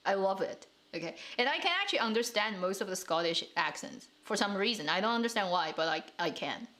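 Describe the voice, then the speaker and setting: A woman's voice: medium pitch, lively intonation, brisk, pushed and bright. A woman from China hosting a casual live stream, chatting and answering comments with frequent laughs and restarts. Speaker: drama channel host.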